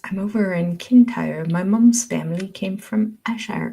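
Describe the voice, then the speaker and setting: A woman's voice: medium pitch, normal speed, vocal fry, warm tone, breathy edge. An older woman hosting a livestream, chatting casually, reading viewer comments aloud and laughing often. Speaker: livestream host.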